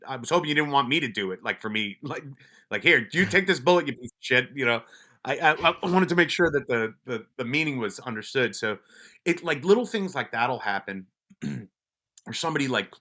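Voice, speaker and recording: Guesting on a podcast, a police officer who also advocates for wellness tells casual stories about his time on the force. His delivery is blunt and profane, with frequent restarted sentences, and his mid-range voice has a sharp tone.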